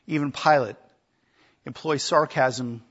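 A man's voice: mid-range voice, slow, a bit bright, breathy edge, highs cut off. A man preaching a sermon, emphatic, with repeated phrases and rhetorical questions.

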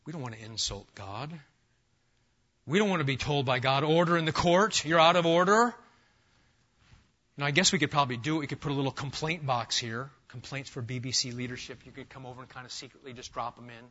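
A man preaching an expository sermon to a congregation, animated and emphatic, firing rhetorical questions and talking straight to his listeners. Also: mid-range voice, fast, breathy edge, highs cut off. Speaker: pastor. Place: church sanctuary with a live congregation.

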